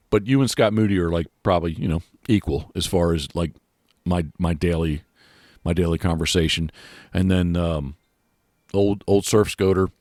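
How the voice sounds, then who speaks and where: A man's voice: low-pitched, dry recording, clean studio sound. A man hosting a podcast, talking casually in a rambling way with many restarts and fillers. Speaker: podcast host. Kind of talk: casual chat.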